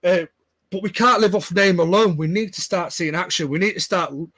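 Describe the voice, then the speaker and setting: A frustrated man rants with a high voice in a casual fan discussion. He swears freely and keeps pressing his points. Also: fairly quick, fairly bright tone. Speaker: fan pundit.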